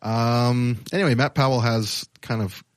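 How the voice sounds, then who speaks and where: A man's voice: mid-range voice, fairly even intonation, a little slow, no room sound. A man co-hosting a casual podcast, telling a story with many fillers and hedges. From Canada. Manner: rambling, hedging with many fillers. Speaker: podcast co-host. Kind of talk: casual chat.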